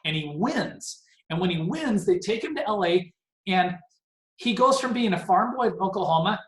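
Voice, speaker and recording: A man's voice: high voice, fairly bright tone, roomy sound, poor audio. A man in his forties leading a casual motivational team meeting on a video call, rambling and self-deprecating. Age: 40s.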